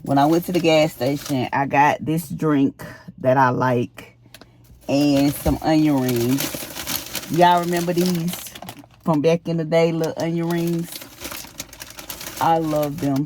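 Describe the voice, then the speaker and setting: Woman vlogger, lowish voice, casual and emphatic. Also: fairly even intonation, slow, darkish tone, slight background noise. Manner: vents emphatically, repeating herself. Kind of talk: casual vlog talk to camera. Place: parked in her truck.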